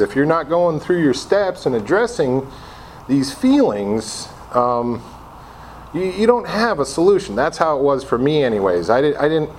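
Man telling a lively, self-mocking story. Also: mid-range voice, a little hiss or hum. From Connecticut. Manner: casual, self-mocking storyteller acting out his own past reactions. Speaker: speaker sharing his recovery story. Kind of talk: personal recovery talk to a group.

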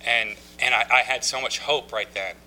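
A man with a very bright, sharp-edged voice tells his recovery story to a group. He speaks haltingly, often restarting his sentences, and mocks himself with wry humor along the way. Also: mid-range voice, steady tone, a little hiss or hum, poor audio. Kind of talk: personal testimony talk.

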